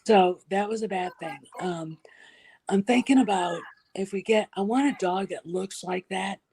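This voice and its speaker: A woman chatting casually as a guest, an animated storyteller who drops into soft whispers. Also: medium pitch, moderate pace, slight background noise, rough recording. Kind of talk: casual chat.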